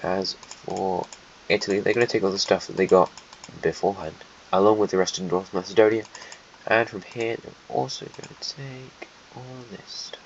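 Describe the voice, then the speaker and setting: Male narrator, lowish voice, dry sarcastic map commentary, dull home mic with faint hiss. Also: moderate pace. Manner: offhand, sarcastic, mutters asides while drawing. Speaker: alternate history narrator. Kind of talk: casual map-drawing narration.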